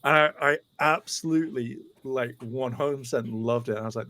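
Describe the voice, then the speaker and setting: A British man co-hosting a podcast, telling stories in a casual, animated way and laughing through them. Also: medium pitch, brisk, no echo. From United Kingdom. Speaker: podcast co-host. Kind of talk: casual storytelling.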